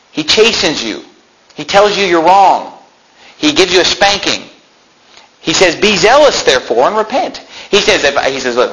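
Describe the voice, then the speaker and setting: Laughing, bright-voiced male preacher. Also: a little high, low-quality recording. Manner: conversational preaching, laughs often, mimics whiny voices. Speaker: pastor. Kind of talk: sermon.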